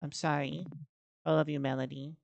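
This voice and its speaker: Brief: a woman playing a worried, caring healer girlfriend, soft and lowish. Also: flat delivery, normal speed, creaky, dry recording, highs cut off. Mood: gentle, worried. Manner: gentle, pleading.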